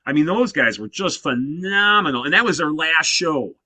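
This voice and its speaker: A man's voice: on the high side, expressive, normal speed, bright, forceful tone, dry recording. A man in his fifties, a guest musician in a casual interview, telling stories animatedly and leaning on "you know" fillers. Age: 50s.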